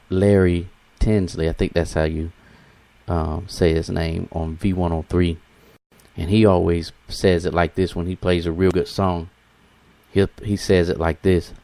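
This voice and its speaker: A man hosts a motivational talk, thinking aloud. His voice sits low and unhurried, and he pauses often as he searches for his words. The sound is close and dry, with no room around it. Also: dark tone, no echo. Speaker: podcast host.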